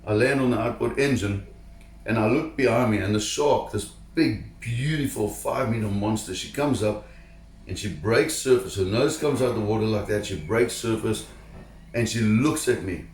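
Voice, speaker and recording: A man's voice: fairly low pitch, moderate pace, roomy sound, a little hiss or hum. Man telling a story. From South Africa. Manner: animated, emphatic, repeats words when excited. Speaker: shark diver telling a story. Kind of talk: casual storytelling to camera.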